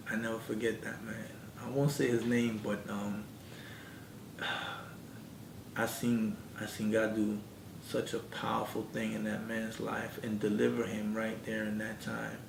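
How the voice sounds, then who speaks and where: A man as an interview guest, earnestly telling his life story and acting out the dialogue in it. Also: creaky. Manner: earnest storyteller who acts out quoted dialogue. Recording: echoey room, mic at a distance, background rumble.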